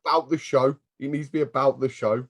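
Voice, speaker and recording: A man's voice: mid-range voice, fairly even intonation, brisk, fairly bright tone. A man co-hosting a wrestling review podcast, wry and teasing in casual chat. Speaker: podcast co-host.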